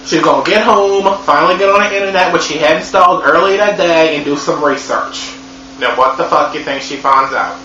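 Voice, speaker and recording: Sassy, high-voiced man with a bright tone. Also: a little fast. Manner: sassy, profane, animated storytelling. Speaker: movie reviewer. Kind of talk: comedic movie recap vlog. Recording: echoey room, dull lo-fi sound, faint hum.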